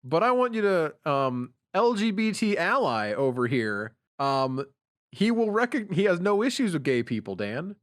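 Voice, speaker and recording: A man's voice: a little high, sing-song, moderate pace. A young man co-hosting a podcast, telling casual stories and quoting people in put-on voices. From Pennsylvania, USA. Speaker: podcast co-host. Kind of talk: casual chat.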